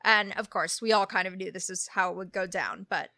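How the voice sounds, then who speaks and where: Woman co-host, casual banter, bright higher voice, dry close mic. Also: fairly even intonation, fairly quick, no echo. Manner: chatty, laughs often, playful. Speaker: podcast co-host. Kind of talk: casual chat.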